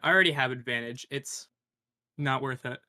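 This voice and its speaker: Bright-voiced excitable man at a game table. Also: medium pitch, normal speed, no echo. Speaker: player. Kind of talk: tabletop role-play.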